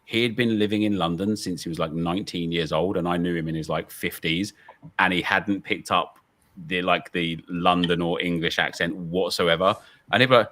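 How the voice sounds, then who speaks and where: A man's voice: low-pitched, steady tone, moderate pace, sharp tone. A man chatting casually on a livestream, laid-back with lots of fillers and easy laughter. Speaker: co-streamer.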